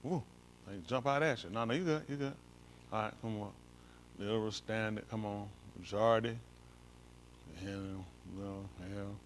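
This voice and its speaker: A man's voice: fairly low pitch, moderate pace, long pauses, slight background noise. A male pastor leads an informal Bible study, comparing translations and coaxing someone along with repeated "come on.".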